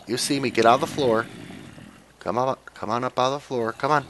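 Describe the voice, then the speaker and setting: A man's voice: medium pitch, lively intonation, a little fast, a bit bright, slight background noise. A young man giving casual, jokey commentary while playing a game, chatting to himself and coaxing the characters on screen. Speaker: let's play gamer.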